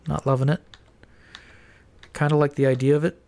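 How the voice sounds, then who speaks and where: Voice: medium pitch, level tone, moderate pace, gravelly, darkish tone. A stuffed-up player mumbling and thinking aloud while building in a block game. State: stuffed-up nose. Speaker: Minecraft let's-player. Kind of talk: casual building commentary.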